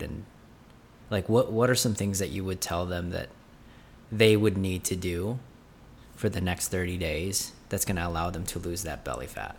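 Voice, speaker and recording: A man's voice: low voice, measured pace, gravelly, pauses often, a little hiss or hum. A man hosting a casual interview as a fitness coach, chatty and eager, often agreeing. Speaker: podcast host, fitness coach.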